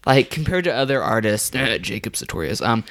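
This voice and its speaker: Gravelly young man sharing fun facts. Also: mid-range voice, very animated, noisy background. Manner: shares fun facts, quick asides. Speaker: podcast co-host. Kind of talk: casual chat.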